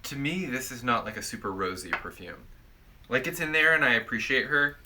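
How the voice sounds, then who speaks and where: Bright-toned playful man chatting. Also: mid-range voice, expressive, fairly quick, a little hiss or hum. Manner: playful, rambling, jokey descriptions. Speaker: perfume reviewer, co-host. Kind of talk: casual chat.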